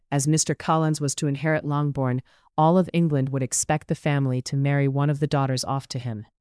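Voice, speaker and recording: An audiobook narrator telling a period romance in a measured, even read. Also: mid-range voice, clear, resonant tone, no room sound, studio quality.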